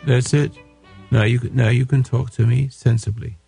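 A man's voice: mid-range voice, fairly even intonation, normal speed, vocal fry, mellow, slightly rough, no echo, faint music behind. A man in his eighties hosting a radio call-in advice show, lecturing his caller bluntly and restarting his sentences often. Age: 80s.

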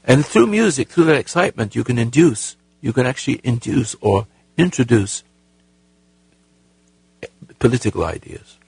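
A man hosting a call-in advice show, talking in a halting, earnest way with many repeated words and a raspy voice. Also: mid-range voice, expressive, a little mellow, no echo. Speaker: radio call-in host.

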